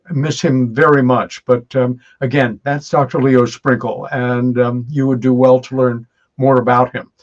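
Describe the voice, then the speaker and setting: A man hosting an interview show, asking reflective questions in a measured manner. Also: medium pitch, lo-fi sound. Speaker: host.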